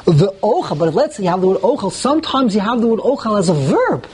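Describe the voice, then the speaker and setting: A man teaching a Talmud class to students in a room, animated and repeating words as he thinks aloud, often asking the class questions and answering them himself. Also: sits high, fast, slightly rough. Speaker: Torah teacher.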